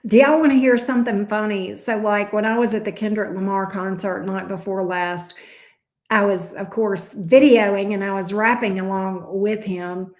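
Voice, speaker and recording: With a Southern US drawl and a medium-pitched, darkish voice, this tarot reader chats with her livestream viewers at a normal speed and a fairly even intonation. She's chatty and calls them pet names like babes and love bug, and the room sounds echoey.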